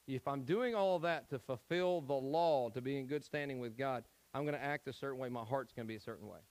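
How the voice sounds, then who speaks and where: A man's voice: medium pitch, a little fast, darkish tone, rough recording. A man from Tennessee preaching an evening Bible study, conversational, with frequent "okay?" check-ins to the congregation. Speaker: pastor.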